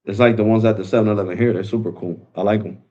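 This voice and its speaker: Casual male tech streamer, low voice, slangy and relaxed, muffled lo-fi audio. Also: racing. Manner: laid-back, slangy, calls viewers bro. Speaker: tech live stream host. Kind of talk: casual live stream talk. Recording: dull lo-fi sound.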